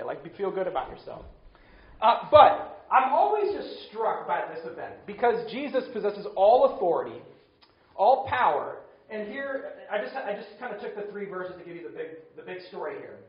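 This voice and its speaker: High-voiced casual preaching man. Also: reverberant, muffled recording. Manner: casual, conversational preaching with frequent "like" fillers. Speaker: pastor. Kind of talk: sermon.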